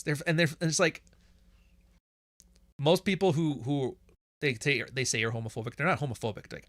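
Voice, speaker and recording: A man with a Canadian accent and a mid-range, fairly bright voice hosts a podcast, chatting casually and reading questions from chat in a blunt, profane, sarcastic manner. He laughs often, and there's no room sound.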